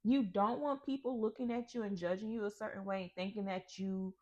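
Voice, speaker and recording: A woman co-hosting a podcast, talking in a relaxed, rambling way with fillers. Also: medium pitch, fairly quick, lo-fi sound. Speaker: podcast co-host. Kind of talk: casual chat.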